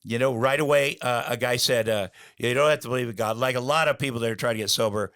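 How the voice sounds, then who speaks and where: Middle-aged male guest, rambling storyteller, plenty of ums and restarts, even mid-range voice. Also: medium pitch, fast. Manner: rambling, many fillers and restarts, acts out quotes. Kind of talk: candid storytelling interview.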